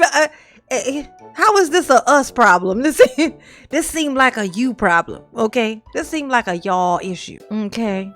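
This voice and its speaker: A high-pitched woman reads a letter aloud and picks it apart in casual, mocking commentary. She laughs often and talks in a loose, chatty way full of rhetorical questions. Faint music plays in the background. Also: a bit bright. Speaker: channel host reading and reacting to a letter.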